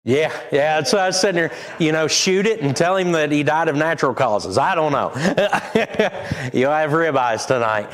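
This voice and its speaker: A man's voice: on the high side, lively intonation, normal speed, a bit bright. A middle-aged man, a church pastor chatting casually and rambling with the congregation, chuckling often.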